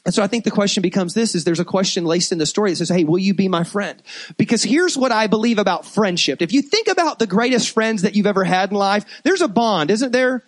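A man with a high voice preaches to his congregation, animated and conversational, often stopping to restart a phrase. The sound is dry and close, with no room echo. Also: fast talker. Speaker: pastor. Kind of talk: sermon.

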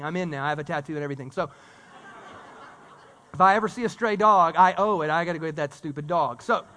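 A man preaching a casual, animated sermon, full of story and slang, with frequent repeated words. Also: on the high side. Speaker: pastor. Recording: long reverb of a church hall.

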